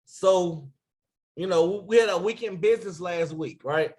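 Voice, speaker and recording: Energetic man coaching a live team call. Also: on the high side. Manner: energetic, calls for comments, shouts out viewers by name. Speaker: business coach. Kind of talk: motivational team training on a live stream.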